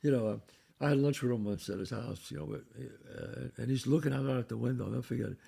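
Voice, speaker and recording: A man's voice: mid-range voice, fast. An older man, an actor guest, telling stories in a casual chat, swearing freely. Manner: raspy, animated storyteller who swears freely.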